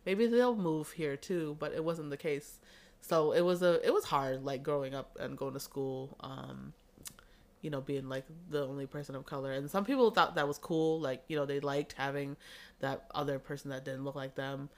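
A woman guesting on a podcast, chatting casually and telling lively stories in which she acts out other people's voices. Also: deep voice, moderate pace. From grew up in the US.

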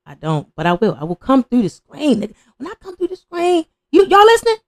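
A woman's voice: high voice, wildly swooping pitch, a little fast, pitched above the performer's own voice. A woman playing an angry father who is cursing and threatening his daughter's boyfriend on a video call. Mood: menacing. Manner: threatening, profane.

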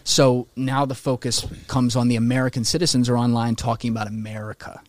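A man's voice: mid-range voice, a little fast, dry recording. Opinionated man in casual podcast chat. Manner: animated, opinionated, swearing, putting on mocking voices for quotes.

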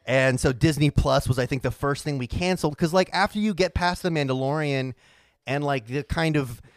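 A man's voice: fairly high pitch, a little fast, no room sound, clean studio sound. A young man co-hosting a podcast, chatting casually and joking. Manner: joking, expressive. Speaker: podcast co-host. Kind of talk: casual chat.

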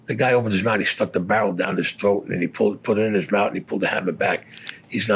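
An older man in his seventies with a husky, slightly low voice tells a war story in a blunt, swearing, unpolished way. He talks like someone recalling things out loud rather than reading. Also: fairly even intonation, fast. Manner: blunt and heavily profane. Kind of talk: rough spoken storytelling.

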